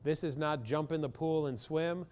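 A man's voice: on the high side, moderate pace, darkish tone. Blunt, joking man giving a talk. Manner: blunt, joking, speaks straight to the audience. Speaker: clinical psychologist giving a parent talk. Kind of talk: public talk to parents.

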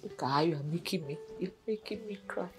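A woman's voice: on the low side, fast talker, close to an everyday voice, rough recording. A middle-aged actress with a Nigerian accent playing a mother who comforts her grown daughter. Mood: comforting. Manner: soothing, reassuring. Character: warm, comforting village mother. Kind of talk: Nollywood film acting.

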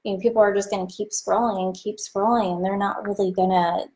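A woman talking casually about careers and client relationships, chatty and animated, acting out the people she quotes. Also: mid-range voice, brisk. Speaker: vlogger giving career advice. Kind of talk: casual talk to camera.

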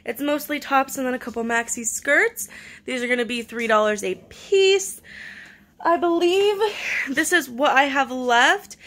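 A chatty young woman with a fairly high voice talks through her items one by one at home. Her casual vlog delivery is easygoing and full of fillers. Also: a little slow, a bit bright. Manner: chatty, filler-heavy item descriptions. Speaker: online reseller. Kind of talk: casual live-sale vlog.

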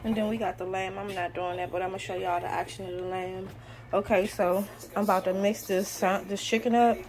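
A woman's voice: medium pitch, a little mellow. A woman vlogging casually while she cooks dinner in her home kitchen, chatting to her viewers as she goes. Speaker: cooking vlogger. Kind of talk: casual cooking vlog. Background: music playing in the background.

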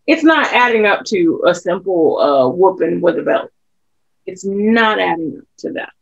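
Woman, podcast co-host, gravelly voice, casual reflective talk, dull lo-fi sound. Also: on the low side, animated, a little slow. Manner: reflective, trails off with ums. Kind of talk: casual chat. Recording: slightly dull lo-fi.

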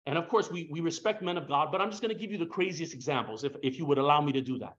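Male preacher, high-pitched, fervent, casual slang, big swings in loudness; dull lo-fi recording. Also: very fast. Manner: impassioned, swings between soft and loud, rhetorical questions, casual slang. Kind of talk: sermon.

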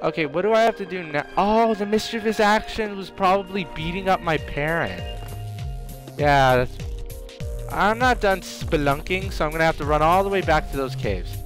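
A man doing excitable let's play commentary, trash-talking the enemies in his game. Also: sits high, normal speed, faint music behind. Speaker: gamer.

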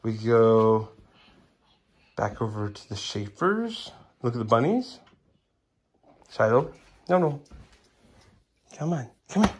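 Young mom, home phone video, playful coaxing, low voice with huge pitch swings. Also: female voice, animated, takes it slowly, pauses often, a little mellow, a little hiss or hum. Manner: playful, coaxing, sing-song egging on. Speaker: parent filming her kids. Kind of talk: casual home video chat. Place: living room at home.

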